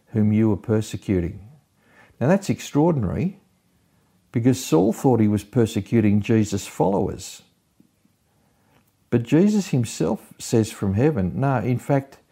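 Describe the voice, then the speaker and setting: Brief: male preacher, very dark mellow tone, measured teaching delivery. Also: medium pitch. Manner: measured, explanatory, retelling scripture. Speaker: Bible teacher. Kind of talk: expository Bible teaching.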